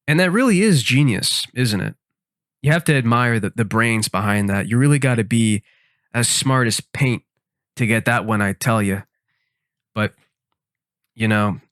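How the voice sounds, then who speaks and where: A man hosting a podcast, rambling through a comic monologue with mock-serious, deadpan reasoning while he plays a game. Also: medium pitch, dry recording, clean studio sound. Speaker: podcast host.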